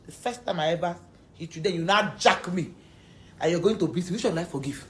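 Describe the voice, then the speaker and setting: A woman's voice: lowish voice, fairly quick. A woman with a Nigerian Pidgin accent giving an accusatory, repetitive rant, mixing Pidgin and English. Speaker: actress addressing a former friend. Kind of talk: confrontational video rant.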